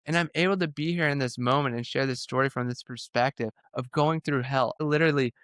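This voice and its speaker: A man speaks in a candid podcast conversation, with an intense, animated way of telling stories and acting out his own past words. His voice sits at a middle pitch and sounds smooth and resonant. The recording is dry and close, with almost no room sound. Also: fast, no echo. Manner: intense, animated storytelling, quoting himself. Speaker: podcast guest.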